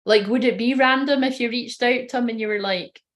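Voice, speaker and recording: A woman's voice: fairly high pitch, fairly quick. A woman, a tarot reader and medium giving a casual, rambling live-stream reading and swearing now and then.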